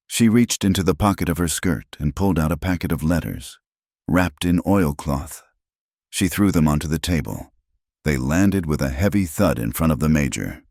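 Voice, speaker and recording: A man narrating a western story in a dramatic, measured scripted reading. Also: very deep voice, expressive, gravelly, darkish tone, no room sound, studio quality.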